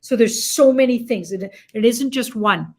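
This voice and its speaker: A woman's voice: on the high side, moderate pace, a little mellow. Rambling female tarot reader. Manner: rambling, hedging with "like". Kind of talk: casual tarot reading chat.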